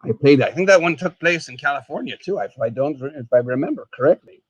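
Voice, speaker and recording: A man hosting a casual live stream, chatting while he eats. He is excitable, exclaims often and calls himself the dead skeleton in the third person. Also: fairly high pitch, fast talker, breathy edge, no echo, highs cut off.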